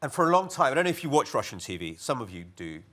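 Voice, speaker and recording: A man on a conference panel, talking in a wry and lively way. He often slips into mock voices to quote other people. His pitch sits in an ordinary middle range. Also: fast, slight background noise. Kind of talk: panel discussion remarks. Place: conference hall.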